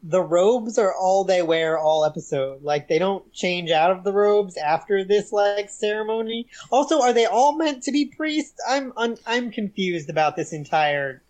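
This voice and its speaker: A young woman co-hosting a podcast, recapping a TV episode in casual chat, relaxed and amused with frequent giggles. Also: medium pitch, measured pace, hardly any pauses. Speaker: podcast co-host.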